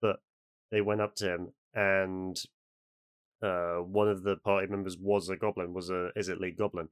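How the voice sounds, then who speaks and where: A man with a low, resonant voice chats casually and eagerly about games he has run. He rambles happily from one anecdote to the next. The recording is dry and close, with no room sound. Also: flat delivery, moderate pace, smooth, dry recording. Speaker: podcast co-host and game master. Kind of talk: casual chat.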